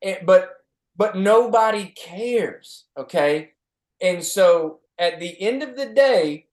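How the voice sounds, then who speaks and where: A male podcast co-host giving a motivational talk in an earnest, reflective way, often restarting his sentences. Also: sits high. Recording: roomy echo.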